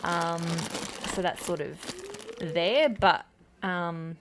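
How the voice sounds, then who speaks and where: Australian woman, casual vlog chatter, pitched a touch low, noisy home recording. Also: drawn-out words. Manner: rambling and chatty, with many ums and restarts. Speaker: wax melt collector showing her stash. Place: home with noises around.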